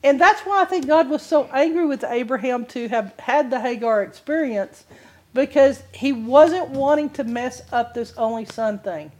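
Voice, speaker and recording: An older woman giving a sermon-style Bible teaching, telling a personal testimony with animated storytelling and frequent laughter. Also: high-pitched, moderate pace.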